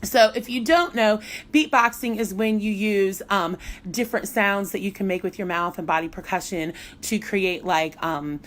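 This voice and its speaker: A woman's voice: medium pitch, normal speed. A middle-aged woman music teacher giving a casual live online lesson, chatty and playful and often laughing.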